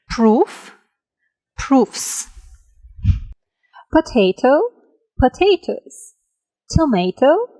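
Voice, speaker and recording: A woman teaching an English grammar lesson, drawing out each example word slowly and often checking in with a "right?". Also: on the high side, a little mellow, low-quality recording. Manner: slow, careful, drawn-out example words; checks in with listeners by asking "right?".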